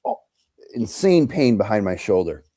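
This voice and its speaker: A man co-hosting a sports talk stream, telling a story with animated, casual delivery. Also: lowish voice, moderate pace. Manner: animated storyteller, acts out quotes. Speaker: co-host.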